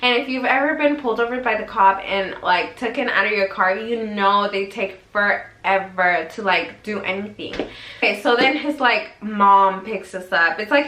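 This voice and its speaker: A woman's voice: mid-range voice, bright, forceful tone. A young woman vlogger telling a storytime in a casual, chatty way, full of "like" and the odd swear word. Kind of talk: storytime vlog. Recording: roomy echo.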